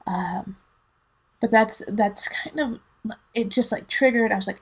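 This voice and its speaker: A woman's voice: on the high side, measured pace, long pauses, slightly rough. A woman, a tarot reader and mother, chatting casually and rambling as she gives a reading, laughing often. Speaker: dance teacher and mother.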